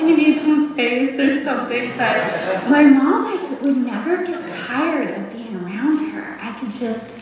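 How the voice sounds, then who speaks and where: A young woman giving a tender, rambling memorial tribute, laughing softly between her thoughts. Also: on the high side, a little hiss or hum. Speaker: daughter giving a eulogy. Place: memorial service hall. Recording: echoey hall, heard from far off.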